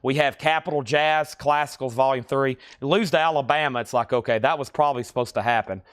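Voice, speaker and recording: A man's voice: medium pitch, a little fast, clean tone, no room sound, clean studio sound. A man hosting a live record sale, chatty, rattling off titles and prices between side stories.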